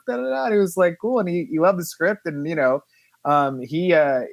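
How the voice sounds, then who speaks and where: An animated man with a fairly high voice tells behind-the-scenes stories in a relaxed interview. He acts out the quoted lines and laughs along, and the sound is dry and close. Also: normal speed, creaky, no room sound. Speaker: film producer. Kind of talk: casual interview chat.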